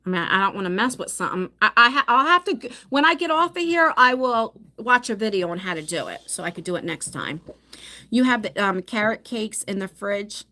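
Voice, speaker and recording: A woman's voice: medium pitch, big pitch swings, brisk, bright, forceful tone. A middle-aged woman chatting casually on a live phone stream, telling family stories with many restarts. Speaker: vlogger.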